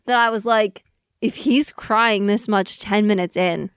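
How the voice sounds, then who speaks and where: A woman's voice: mid-range voice, unhurried, clean tone, no room sound, studio quality. A woman co-hosting a casual comedy podcast. She talks bluntly, swears freely and teases her co-host.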